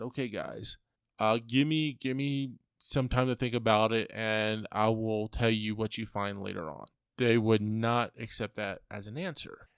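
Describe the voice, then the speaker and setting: Male podcast host and game master, casual rambling storyteller, mid-pitch, dry recording. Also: no echo. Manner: rambling, repeats himself, stresses points.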